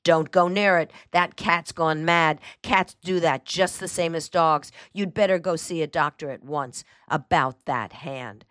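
Woman reader doing a harsh, impatient aunt, low voice, sharp orders. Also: measured pace, few pauses, no room sound, studio quality. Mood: scolding. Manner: sharp, scolding commands. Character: bossy middle-aged aunt, harsh and impatient.

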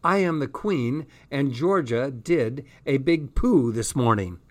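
A man's voice: medium pitch, animated, slow pace. A man voicing a bossy little toddler girl who speaks bluntly in a comic storybook reading.

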